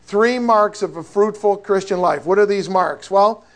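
High-voiced joking male preacher. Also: measured pace, few pauses. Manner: conversational, joking, asks the listeners rhetorical questions. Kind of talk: sermon.

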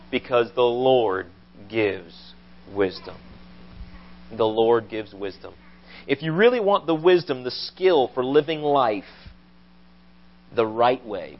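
Man preaching an animated sermon. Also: mid-range voice, highs cut off. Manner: animated storytelling, rising to loud acted quotes. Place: church.

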